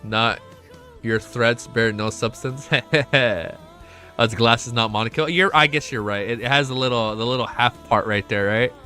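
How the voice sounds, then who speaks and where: A young man chatting casually on a live stream, excitable and swearing often, swinging from quiet gratitude to loud excitement. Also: medium pitch, a little slow. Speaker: livestreamer. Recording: faint music behind.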